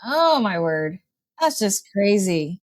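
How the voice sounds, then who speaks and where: A woman co-hosting a casual recap chat, agreeable and quick with short affirmations. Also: medium pitch, sing-song. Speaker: co-host of a TV drama recap show.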